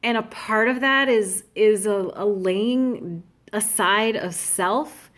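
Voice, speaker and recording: A middle-aged woman talking earnestly and candidly in a personal vlog, with halting restarts. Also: medium pitch, fairly bright tone. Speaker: vlogger.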